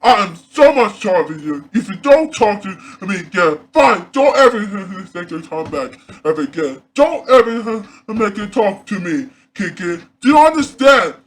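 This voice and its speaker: A man playing an upset male character named Carl in an amateur fan drama, halting and repeating his words. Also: high voice, very animated. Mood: fed up.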